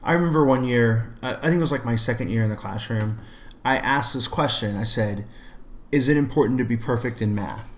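A young adult man, a middle school math teacher, chatting casually with a relaxed storytelling manner. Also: medium pitch, brisk. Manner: relaxed storytelling, many fillers. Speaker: math teacher and podcast co-host. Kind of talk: casual chat.

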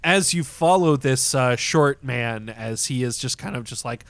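A man narrating as game master of a tabletop role-playing game, describing scenes at length with many fillers and pauses. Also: medium pitch, animated, dry recording.

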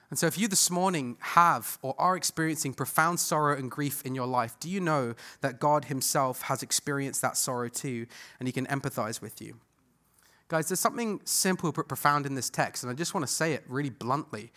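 A male pastor delivering a sermon with a bright, forceful tone and a voice pitched a little high for a man. He talks earnestly, pushing some phrases out loudly and dropping others to a near hush. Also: brisk. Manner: earnest, swings from loud emphasis to hushed tenderness.

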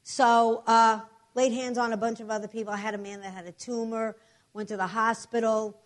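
A woman preaches a sermon, sharing healing testimonies through animated, emphatic storytelling and repeated declarations. Her voice is a little high and her pace is normal.

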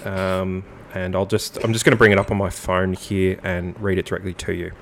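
A man's voice: low voice, level tone, a little fast, gravelly, a little hiss or hum. A man co-hosting a podcast, bantering jokingly and reading a statement aloud in a mock-formal voice. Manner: jokey, laughs often, dry mock-formal reading. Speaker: podcast co-host.

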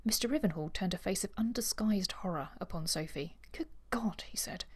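A woman's voice: medium pitch, moderate pace, husky. A woman co-hosting a book podcast who reads a novel passage aloud with acted dialogue, then chats casually. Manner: expressive reader, acts out dialogue, laughs easily. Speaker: podcast co-host.

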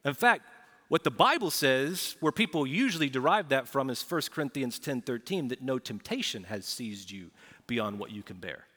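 A man preaching a sermon to a congregation, lively and quick to act out little dialogues. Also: mid-range voice. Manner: animated preaching, acts out quoted dialogue. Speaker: pastor. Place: large church auditorium. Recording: live church hall reverb.

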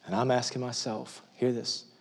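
A middle-aged male pastor preaching a sermon in a church, dropping to near-whispers and rising to loud, emphatic pleas. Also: medium pitch, level tone, moderate pace, creaky. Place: church auditorium.

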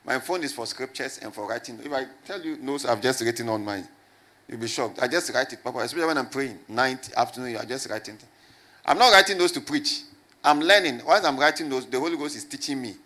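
A man's voice: medium pitch, fast, a bit bright. A middle-aged man, a pastor, preaching a sermon and asking his congregation to repeat his words back. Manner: call-and-response preaching, repeats questions to the crowd.

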